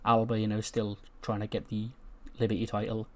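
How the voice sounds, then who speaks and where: A man's voice: fairly low pitch, monotone, fairly quick. A man giving casual commentary over a wrestling sim playthrough, chatty and laughing, acting out the characters' lines. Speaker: gaming YouTuber.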